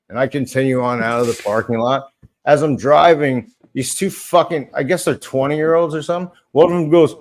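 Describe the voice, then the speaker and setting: A man's voice: medium pitch, brisk. A man in his forties telling a heated, profane story in casual podcast chat. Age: 40s. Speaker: former podcast host.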